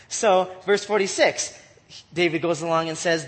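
A man teaching scripture in a relaxed, chatty way, reading verses and retelling them in everyday slang with frequent laughter. His voice sits notably high for a man. A long hall echo hangs behind every phrase. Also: normal speed. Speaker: Bible study teacher. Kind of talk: casual Bible teaching.

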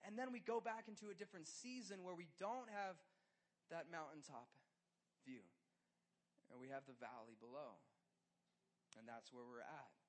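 A man with a notably high voice preaches a casual sermon, peppered with "like" and restarts. He sways from soft, hushed questions to loud, urgent pleas. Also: normal speed, long pauses. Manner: swings between loud urgency and hushed intimacy; conversational, filler "like".

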